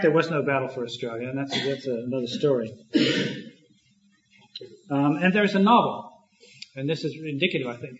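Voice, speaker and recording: A man giving an academic lecture, thoughtful and halting, with many restarts and fillers. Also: a little high. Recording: echoey, dull lo-fi room recording.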